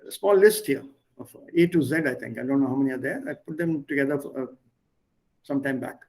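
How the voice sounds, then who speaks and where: A man teaching a language lesson online, explaining word pairs patiently with pauses. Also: mid-range voice, darkish tone, poor audio.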